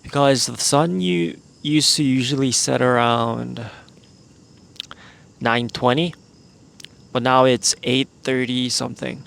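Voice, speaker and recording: A young man talks slowly through a casual solo podcast recorded outdoors in the evening. His mid-pitched voice has a gravelly edge. He rambles and sounds unsure, as if thinking aloud. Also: steady tone, a bit bright. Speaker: podcast host.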